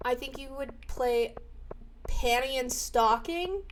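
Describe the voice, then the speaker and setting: A young adult woman streaming a game live, with a slightly high voice and an unhurried, drawn-out delivery. She is loud and excitable, swearing freely and breaking into shouts. A faint hiss sits under her voice. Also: low-quality recording. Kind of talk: casual live-stream chat while gaming.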